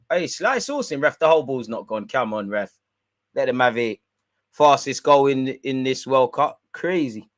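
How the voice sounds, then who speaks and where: A man hosting a live football watch-along, reacting excitably and chatting with viewers in slang. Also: mid-range voice, dry recording.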